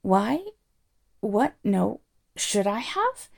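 A woman reading aloud and voicing a frantic Englishman who yelps and shouts indignantly as his house is knocked down. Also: medium pitch, very animated, extremely slow, vocal fry, exaggerated voice. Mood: bewildered.

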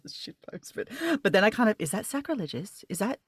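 A woman's voice: mid-range voice, very animated, fast talker, dry recording, studio quality. A woman hosting a casual interview, chatty and rambling, with many restarts and laughs. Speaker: podcast host.

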